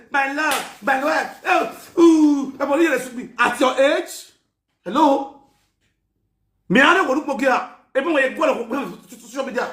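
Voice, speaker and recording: A man giving a scolding, mocking rant that mixes Pidgin and Yoruba, often shouting. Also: extremely high pitch, roomy sound. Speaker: commentator. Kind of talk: ranting commentary.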